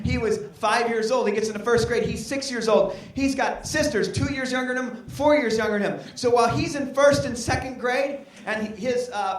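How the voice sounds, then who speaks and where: A middle-aged man speaking to teenagers in a hall and telling personal stories in an animated, comic way. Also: extremely high pitch. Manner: lively, animated storytelling with comic asides. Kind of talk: storytelling talk to teenagers. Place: large hall with a teen audience. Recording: echoey large hall, mic far off.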